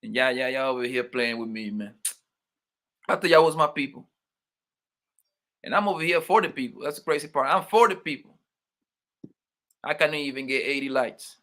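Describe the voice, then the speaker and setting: A man hosts a relaxed livestream, saying hi to viewers by name and teasing them with slangy banter. His medium-pitched, fairly bright voice moves at a normal speed, broken by long pauses.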